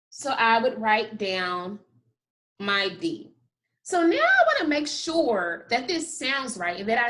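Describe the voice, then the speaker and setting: A woman teaching a kindergarten phonics lesson, sounding out letters slowly and praising often. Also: fairly high pitch, a bit bright. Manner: slow, drawn-out sounding of letters with frequent praise. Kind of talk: phonics lesson for young children.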